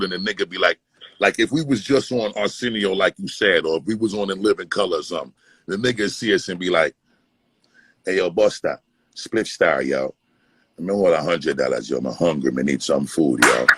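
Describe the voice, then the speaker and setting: A man from Brooklyn, telling animated, profane stories as a guest and slipping into impressions. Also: low voice, slightly rough, no echo, poor audio. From East Flatbush, Brooklyn, New York. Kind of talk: casual storytelling.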